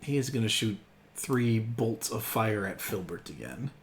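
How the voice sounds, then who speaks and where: A man's voice: lowish voice, lively intonation, measured pace. A man narrating as game master of a tabletop game, casual and laughing often, thinking aloud as he counts up rolls.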